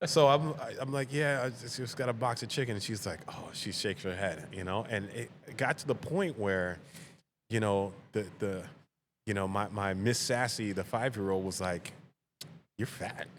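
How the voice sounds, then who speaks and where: A man, a veteran and father, guesting on a casual podcast and telling animated stories that act out family dialogue, laughing often. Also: on the low side, moderate pace, slight background noise.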